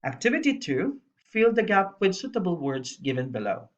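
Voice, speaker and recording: A woman's voice: fairly low pitch, very animated, normal speed. A woman teacher narrating a recorded English lesson for young pupils, spelling out letters and explaining patiently. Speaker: primary school English teacher. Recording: dull lo-fi voice-over.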